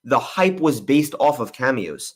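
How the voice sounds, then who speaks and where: A man's voice: medium pitch, very animated, a little slow. A young man hosting a movie livestream Q&A, answering viewer questions in a candid, rambling way. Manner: rambling and candid, often says honestly and "I'm gonna be real".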